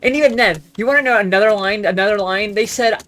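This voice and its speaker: Young man, shouty, profane, rambling rant, keeps restarting sentences. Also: high-pitched, quick pace, faint music behind. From Texas. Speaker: vlogger. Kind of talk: loud ranting monologue.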